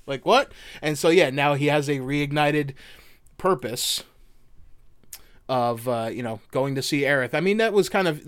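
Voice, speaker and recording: A man's voice: medium pitch, no echo. A man co-hosting a podcast, loose and chatty, swearing casually as he breaks down a video game. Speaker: podcast co-host.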